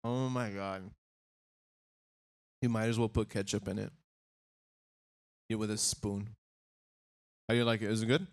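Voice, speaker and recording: A man's voice: lowish voice, steady tone, measured pace, long pauses. Laid-back, teasing man in podcast banter. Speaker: podcast co-host.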